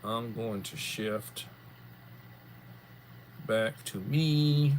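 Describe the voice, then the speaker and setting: A man's voice: on the low side, slight background noise. Tired man chatting on a livestream. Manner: rambling, unhurried, repeats words. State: tired, yawning. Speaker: livestream host. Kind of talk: casual livestream chat.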